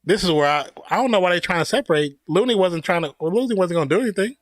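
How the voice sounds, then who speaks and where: Excitable fan calling the game. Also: male voice, high voice, very fast, dry recording. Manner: opinionated and jokey, laughs at his own remarks. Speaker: streamer giving play-by-play at a live watch party. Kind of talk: casual fan play-by-play commentary.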